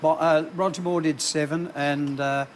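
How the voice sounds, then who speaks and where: A man, a quiz show contestant who talks hesitantly with many pauses. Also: on the high side, fairly even intonation, slight background noise. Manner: hesitant, searching for words.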